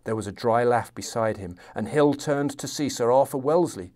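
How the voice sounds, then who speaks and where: A man's voice: medium pitch, normal speed, a little mellow. A male history podcast host reading passages from a novel aloud, then chatting with his guest. He sounds enthusiastic and laughs easily, his voice lifting when he asks questions.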